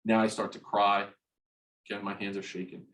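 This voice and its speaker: Frank, halting man in his forties. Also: lowish voice, flat delivery, a bit bright, rough recording. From New Jersey, US. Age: 40s. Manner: frank, halting, repeats words, swears freely. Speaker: interview guest. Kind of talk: candid personal storytelling.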